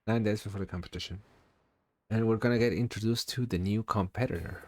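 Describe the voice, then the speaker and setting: A man's voice: fairly low pitch, fairly even intonation, fast, darkish tone, faint music behind. A man streaming a game, giving playful, casual commentary and reacting as he reads game text aloud. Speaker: VTuber streamer.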